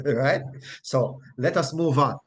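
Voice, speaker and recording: A man's voice: mid-range voice, measured pace. A man teaching a Bible study, emphatic and repetitive, checking in with "right?" and chuckling as he explains. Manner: chuckles often while explaining.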